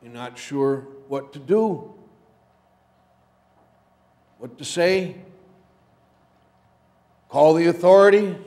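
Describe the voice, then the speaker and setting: A man delivers a sermon from the pulpit, his voice sitting a little high for a man. He speaks unhurriedly, pausing between phrases like a storyteller. The church sanctuary around him rings with a long reverb. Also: darkish tone. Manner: slow, measured storytelling delivery. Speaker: pastor.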